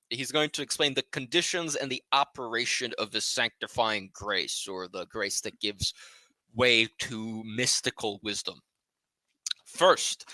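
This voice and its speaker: Man, book club podcast host, reading aloud and casual asides, tense bright voice, dry close mic. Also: medium pitch, no echo. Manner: reads passages then comments loosely, swears and laughs at himself.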